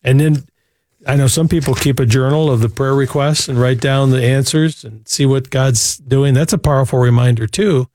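A man's voice: mid-range voice, fairly even intonation, moderate pace, darkish tone, no echo. A man hosting a Christian call-in radio show, speaking in an earnest, preacherly way. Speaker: host.

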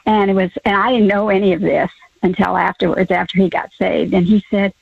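An older woman calling in to a radio show, telling a personal story with hesitant pauses and fillers. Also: medium pitch, steady tone, creaky, slightly rough, no echo. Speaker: caller. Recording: tinny phone line.

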